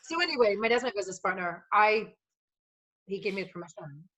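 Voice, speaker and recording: A woman guest on a coaching podcast, telling personal stories in an animated, emotional way, swearing freely and rambling as she goes. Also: mid-range voice, a little fast. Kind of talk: casual storytelling conversation.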